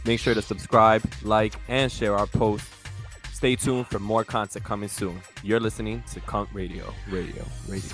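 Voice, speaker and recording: A man, a podcast co-host, putting on a sultry, macho announcer voice to read the show's outro slowly and low. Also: steady tone, fairly bright tone, soft background music.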